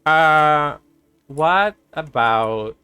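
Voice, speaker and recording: A male streamer chats excitably over his gameplay and coos fondly at the creatures on screen. His voice is bright and animated, with wide swings in pitch. He is recorded dry on a close mic. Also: very slow, clear, resonant tone, no echo. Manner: excitable, cooing fondly at game animals, laughs often. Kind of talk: casual gameplay commentary.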